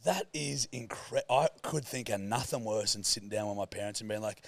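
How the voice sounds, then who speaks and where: A man's voice: on the low side, steady tone, normal speed, creaky, hardly any pauses, no echo. A young man co-hosting a podcast, teasing and crude in casual banter. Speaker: podcast co-host.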